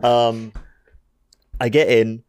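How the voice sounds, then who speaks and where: A man hosting a chatty podcast, talking at an everyday middle pitch. He tells long rambling stories, swears freely and restarts his sentences often. The sound is dry and close, with no room around it. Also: flat delivery, very slow, darkish tone, clear, resonant tone, no room sound. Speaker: podcast host. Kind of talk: casual chat and storytelling. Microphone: podcast microphone.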